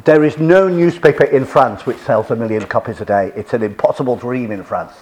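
A man's voice: medium pitch, brisk, darkish tone, low-quality recording. A man giving a classroom lecture with slides, chatty, often repeating and restarting his phrases.

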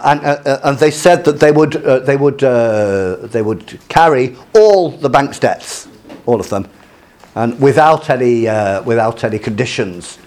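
Hesitant male lecturer with many fillers. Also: a little high. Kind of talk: lecture with slides.

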